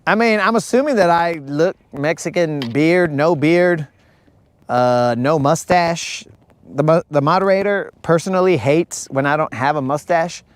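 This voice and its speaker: A man from the United States hosting a fishing livestream, chatting casually with viewers in a rambling, joking way. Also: fairly high pitch. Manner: rambling, joking, drawn-out teasing. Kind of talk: casual chat reading live comments.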